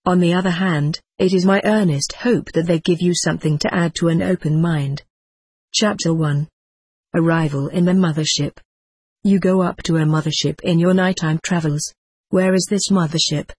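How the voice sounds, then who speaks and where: A woman reading a first-person memoir aloud as an audiobook narrator, in a measured, descriptive way. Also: fairly low pitch, steady tone, darkish tone, husky, dry recording.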